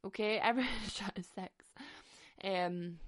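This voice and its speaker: A woman's voice: mid-range voice, unhurried, fairly bright tone, no echo, studio quality. A young woman hosting a podcast, telling stories in a sweary, chatty way and laughing often. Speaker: podcast host. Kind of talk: casual storytelling chat.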